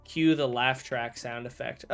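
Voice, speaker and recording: Guy streaming a game, kinda high voice, rambly, lots of restarts, joky fake outrage. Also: fairly bright tone, clean tone. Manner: rambling, self-correcting, jokey mock outrage. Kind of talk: casual livestream chat while gaming.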